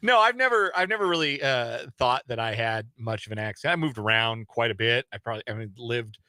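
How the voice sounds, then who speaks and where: A man's voice: medium pitch, animated, a little fast, pushed and bright, no room sound. A man from Colorado co-hosting a sports radio show in an easygoing way, laughing often and hesitating with fillers. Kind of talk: casual sports radio banter. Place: radio studio.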